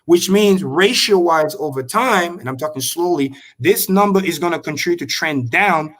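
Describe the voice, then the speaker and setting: Excitable, profane man on a crypto stream. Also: a little high. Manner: excitable, profane, repeats points slowly for emphasis. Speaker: crypto show guest. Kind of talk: animated livestream explanation.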